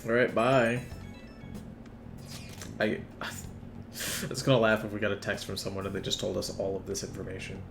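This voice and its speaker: A man's voice: fairly low pitch, flat delivery, gravelly, over music. A man casually commentating his gameplay, joking and swearing as he rambles and reads dialogue aloud. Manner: joking, profane, rambling, quick to laugh. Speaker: let's play commentator.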